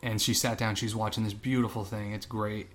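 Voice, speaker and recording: A man's voice: fairly low pitch, little pitch movement, a little fast, a bit bright. A man co-hosting a podcast, casually retelling a film scene with swearing and acted-out quotes. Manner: loose, profane storytelling with acted-out quotes. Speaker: podcast co-host. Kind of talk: casual chat.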